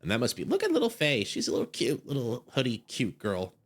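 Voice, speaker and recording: A man streaming a video game, making joking, animated asides as he plays. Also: medium pitch, brisk. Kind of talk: casual gameplay commentary.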